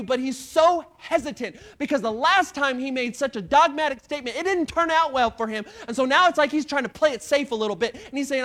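A high-pitched man preaching a sermon with a lilt. He drops to near-whispers in one stretch and builds to forceful peaks in the next. He stumbles over words and repeats himself as he goes. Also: animated, normal speed. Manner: dramatic retelling, swings from hushed to loud; repeats words and restarts often. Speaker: pastor.

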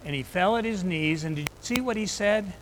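A man's voice: sits high, a little fast, fairly bright tone, a little hiss or hum, poor audio. A man preaching a sermon in an earnest way, retelling scripture in plain everyday words.

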